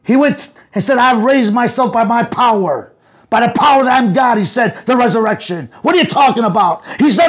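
A man, a pastor, arguing heatedly in a debate, shouting accusations and quoting scripture, at times breaking into chant-like speech. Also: very high voice, animated, moderate pace. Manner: bursts into tongues-like chanting.

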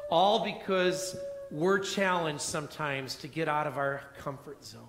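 Bright high-voiced pastor in echoey church. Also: male voice. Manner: storytelling, acts out dialogue in quieter lower voice. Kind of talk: sermon. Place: church sanctuary. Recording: echoey church hall reverb.

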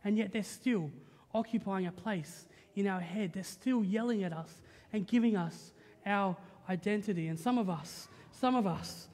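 A young Australian man preaches from the stage in a very high, bright voice, joking with the congregation and asking "right?" after nearly every point. His voice rings out through a church hall with a long trailing reverb. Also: moderate pace. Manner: lively, joking, conversational, keeps asking "right?". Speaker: pastor. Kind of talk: sermon. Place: church auditorium.

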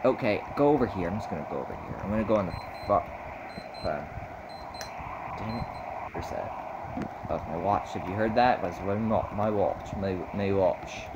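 A man giving rambling, excitable gameplay commentary, swinging from mumbles to sudden yells. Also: deep voice, moderate pace, pauses often. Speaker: gamer. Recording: noisy recording.

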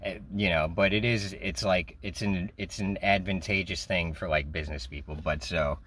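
Low-voiced New man telling a story. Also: steady tone, normal speed, fairly bright tone, slight background noise. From New York. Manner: profane, rambling, laughs often. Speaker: vlogger. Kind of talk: casual storytelling.

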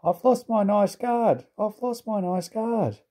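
A man's voice: high voice, a little fast, dark tone, slightly rough, pitched above the performer's own voice. A man voicing two tearful female railway coaches in a storybook reading, crying out plaintively. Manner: sobbing, plaintive.

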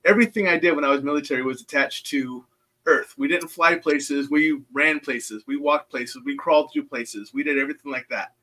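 A middle-aged man chats openly about himself, laughing easily as he goes. His voice is bright and forceful and sits a bit high for a man. He speaks over a remote call from his home. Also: a little fast. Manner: outgoing, laughs often, talks about himself readily. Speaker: guest psychic medium. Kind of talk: casual chat. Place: home in Nebraska.

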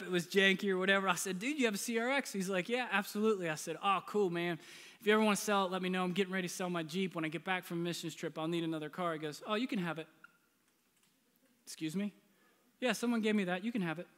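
A middle-aged pastor with a high, slightly bright voice preaches a storytelling sermon in a large church sanctuary, the reverberant hall echoing around him. He's humorous and self-deprecating, often laughing at himself.

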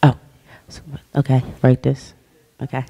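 A woman's voice: very deep voice, completely flat delivery, measured pace, creaky, dark tone, breathy edge. A woman guest minister giving a casual, conversational sermon, emphatic and bold, with slang and frequent laughter. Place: church hall. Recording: long church hall reverb.

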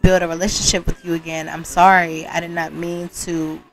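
A woman voicing a remorseful young wife in a life-sim game story, speaking softly and hesitantly. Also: fairly low pitch, little pitch movement, a little fast, soft background music, close to an everyday voice, poor audio. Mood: apologetic. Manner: apologetic, soft, hesitant.

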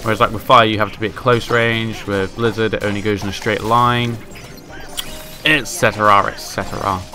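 A man's voice: lowish voice, level tone, fairly quick, over music. A man from England, chatting and joking while playing a video game. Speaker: let's play commentator. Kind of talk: casual gameplay commentary.

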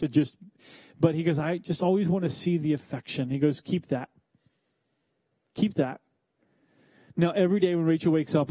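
A young man preaching a church sermon, talking conversationally with joking asides and slowing down for emphasis. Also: fairly high pitch, mellow, no echo. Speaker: pastor.

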